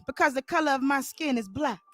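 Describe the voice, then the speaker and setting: A man's voice: very high-pitched, fairly quick, pushed and bright, faint music behind, voice pushed up. A man voicing an outspoken, fed-up young woman in a comic spoken story.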